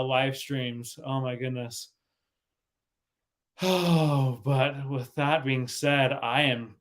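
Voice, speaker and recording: A man's voice: medium pitch, fairly bright tone. A man hosting a casual livestream, laughing often and stumbling over his words as he reads the chat. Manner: giggly, laughs often and breaks off mid-sentence. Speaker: livestream host.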